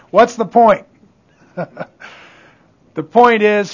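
A man preaching a sermon, reading scripture with heavy stress and calling out "Amen?" to the congregation. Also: sits high. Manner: emphatic, calls out "Amen?" to the congregation; reads scripture slowly and with stress. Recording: dull lo-fi recording.

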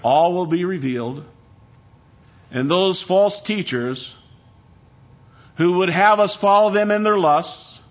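Male pastor preaching, emphatic and measured, a bit high-pitched, on a muffled lo-fi recording. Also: fairly bright tone. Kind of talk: sermon. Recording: dull lo-fi recording.

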